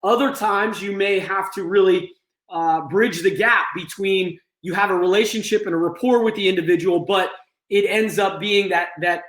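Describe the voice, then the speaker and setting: A man's voice: high-pitched, moderate pace, a bit bright, roomy sound. A man hosting a training session, explaining crisis de-escalation steps to an online audience. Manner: explanatory, acts out examples. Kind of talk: instructional talk.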